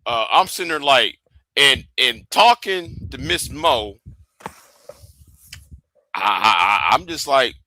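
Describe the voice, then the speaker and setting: A man's voice: medium pitch, expressive, takes it slowly, pauses often, bright, forceful tone, low-quality recording. A man hosting a casual livestream, talking in a stop-start way and repeating words and catchphrases. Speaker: livestream host.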